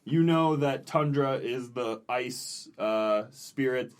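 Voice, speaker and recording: A man narrating as game master in a halting way, with frequent fillers. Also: medium pitch, a little hiss or hum.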